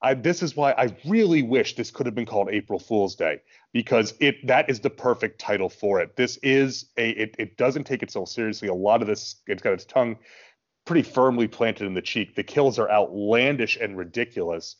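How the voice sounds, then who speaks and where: A man co-hosting a podcast, chatting casually about films and working through his points out loud. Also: lowish voice, moderate pace, highs cut off. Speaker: podcast co-host. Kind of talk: casual film discussion.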